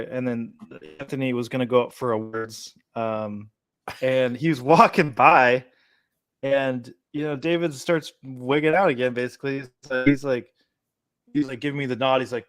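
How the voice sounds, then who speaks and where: On his casual podcast, a host animatedly recounts a story, laughing frequently and acting out what people said. He speaks at medium pitch and a moderate pace, with no echo in the recording.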